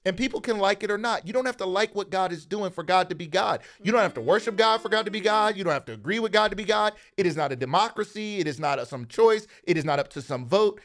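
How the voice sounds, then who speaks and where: A man with a high, lively voice holds forth like a preacher. He talks emphatically and lifts his pitch whenever he quotes someone. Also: quick pace, hardly any pauses. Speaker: morning show host. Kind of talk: animated preaching talk.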